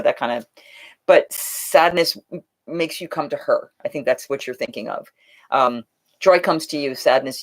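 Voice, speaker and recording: Role: live-stream host. Type: chatty, rambling, thinks aloud while answering viewer questions. Mic: USB desk microphone. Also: medium pitch. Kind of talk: casual live chat. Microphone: Logitech USB microphone.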